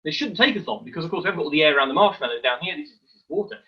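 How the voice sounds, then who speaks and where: A man presenting a live online science demonstration for children, explaining each step in a lively, hands-on way. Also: a little high, racing, breathy edge, lo-fi sound.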